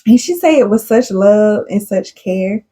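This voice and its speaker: A woman's voice: mid-range voice, expressive, unhurried, warm tone. A woman co-hosting a casual chat podcast, talking earnestly and effusively and laughing often. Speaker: podcast co-host.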